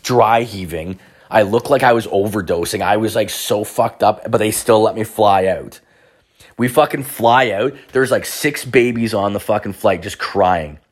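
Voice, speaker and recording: A young man telling a rambling, profane personal story in casual chat. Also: on the low side. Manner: profane, rambling, many restarts and fillers.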